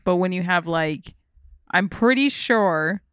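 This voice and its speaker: Podcast co-host, casual chat, sarcastic, smooth clear voice, mid pitch. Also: expressive, slow pace, a bit bright, no room sound, clean studio sound. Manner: blunt, sarcastic, swears.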